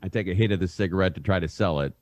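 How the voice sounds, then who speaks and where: A middle-aged man, a radio host and podcast guest, telling rambling stories in a halting way and laughing through them. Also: sits low, darkish tone, no echo. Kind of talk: casual anecdote telling.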